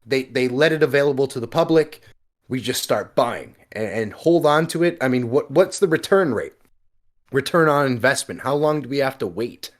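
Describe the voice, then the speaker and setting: A man with a mid-range voice chats on a podcast over a remote call, quick with sarcastic jokes and easygoing questions. He talks in a loose, conversational way. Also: mid-range voice, animated. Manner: joking, sarcastic asides. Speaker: podcast co-host. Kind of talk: casual chat.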